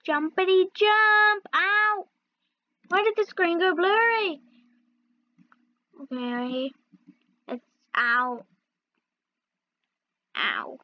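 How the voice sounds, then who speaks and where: Through a muffled recording, a high-voiced woman chats casually while playing a video game for her gaming videos. She yelps and groans playfully whenever her character falls in this let's-play commentary.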